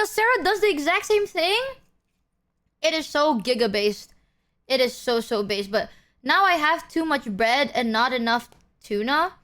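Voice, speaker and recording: A woman's voice: high voice, lively intonation, a little slow, fairly bright tone. A young woman streamer chatting casually with her viewers, swearing freely and sometimes talking while she eats. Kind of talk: casual live-stream chat.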